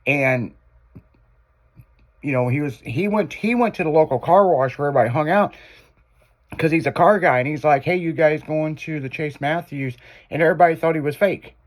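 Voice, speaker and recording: A man's voice: fairly high pitch, moderate pace. A man hosting a radio show, telling loose, profane stories in casual chat. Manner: rambling, profane, loose storyteller.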